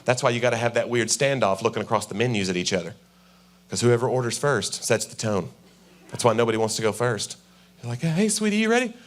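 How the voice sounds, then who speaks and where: This comedian, a man in his forties, has a lowish, steady voice and talks fairly quickly. He performs on a church stage for a live audience, keeping things conversational while playing both himself and his wife in short acted-out scenes.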